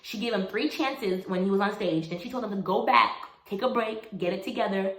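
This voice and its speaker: A woman's voice: mid-range voice, brisk, fairly bright tone. A woman in her twenties telling a personal story in a casual, chatty way, calling the listener girl and honey. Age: 20s. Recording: roomy echo.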